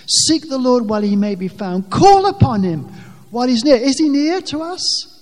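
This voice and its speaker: A man with a high voice preaching a sermon in earnest, plain words. He often stumbles and restarts, then rises loudly on the scripture lines. He is recorded in a church hall with a long, ringing reverb. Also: sing-song, measured pace. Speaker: pastor.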